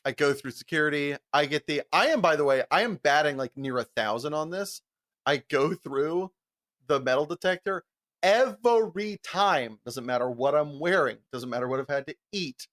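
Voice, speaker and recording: A young man spins a profane, animated story on a podcast, laughing as he goes. His voice sits a little higher than most men's. He jumps between tones with plenty of energy. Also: brisk. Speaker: podcast co-host. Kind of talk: casual storytelling chat.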